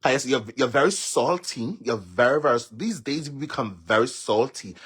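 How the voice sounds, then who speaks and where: A man's voice: medium pitch, lively intonation, moderate pace, fairly bright tone, husky. A man with a Jamaican accent delivers a mocking, cursing online rant, taunting and repeating himself as he goes. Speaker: social media commentator. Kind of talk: ranting live-stream monologue.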